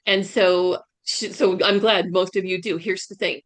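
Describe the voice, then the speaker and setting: Speaking at a measured pace in a fairly low, steady voice, this guest career coach gives a webinar presentation by video call. Her delivery is emphatic, and she repeatedly asks her audience "right?"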